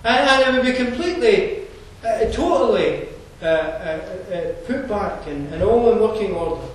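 A man with a Scottish accent preaching a sermon, conversational and digressive, often pausing with fillers and restarting his sentences. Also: sits high, animated, slight background noise. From Scotland. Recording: echoey room from far off, faint ambience.

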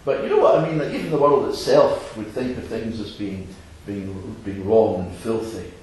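A man's voice: fairly low pitch, lively intonation, normal speed, darkish tone. A man preaching a sermon in an assembly hall, earnest with chuckling asides. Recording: echoey hall, faint noise.

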